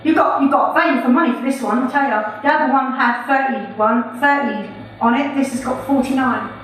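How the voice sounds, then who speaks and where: A woman's voice: sits high, fairly quick, fairly bright tone, slight background noise. A woman performing her own poems live, chatty and playful between them. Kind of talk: live spoken-word poetry reading. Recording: echoey room from far off.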